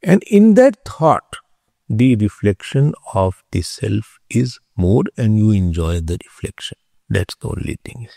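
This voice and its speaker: Gravelly man lecturing slowly. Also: lowish voice, big pitch swings, warm tone, no echo, studio quality. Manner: slow, explanatory, repeats key terms, asks if clear. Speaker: spiritual teacher. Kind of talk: philosophy class lecture.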